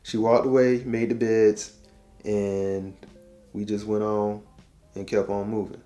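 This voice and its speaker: Faint music plays behind this man in his forties, a relationship talk host whose lowish, mellow voice stays level and slow. Chatting casually, he relates a family story as advice, voicing the dialogue, leaning on slang and repetition, and poking fun at himself.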